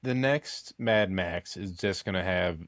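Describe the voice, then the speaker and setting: A man co-hosting a comedy podcast, dropping dry, deadpan quips. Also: low voice, a little slow, no echo. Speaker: podcast co-host. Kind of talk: comedic casual chat.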